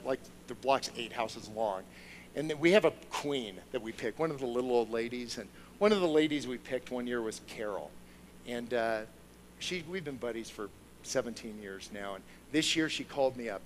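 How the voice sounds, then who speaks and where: A man giving a sermon through personal stories, moving from hushed storytelling to loud, excited preaching before a congregation. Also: medium pitch, a little hiss or hum, rough recording. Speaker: lay speaker. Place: church sanctuary with a congregation.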